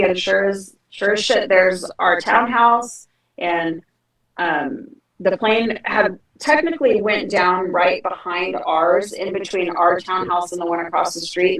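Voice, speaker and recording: A middle-aged woman, a podcast guest, telling a personal story in a lively, frank way and acting out the dialogue. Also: lowish voice, reverberant, far from the mic, poor audio. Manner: animated, acts out dialogue with frank language. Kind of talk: conversational storytelling.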